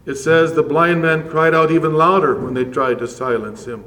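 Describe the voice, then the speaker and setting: A man preaching a sermon to his congregation in slow, measured phrases, rising strongly on key words and dropping to a hush. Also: on the high side, fairly even intonation, reverberant, rough recording. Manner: slow, measured preaching with dramatic rises and hushed drops. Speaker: pastor.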